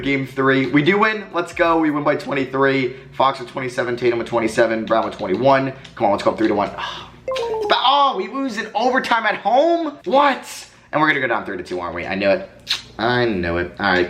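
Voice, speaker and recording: A young man giving live commentary while playing a basketball video game, swinging from muttering to excited yelling. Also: medium pitch, a little fast. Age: young adult. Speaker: gaming commentator.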